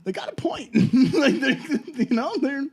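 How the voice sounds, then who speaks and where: A man's voice: extremely high pitch, big pitch swings, measured pace, vocal fry, husky. A young man, a comedian in casual podcast chat, self-mocking, laughing often and throwing in "man" and "dude".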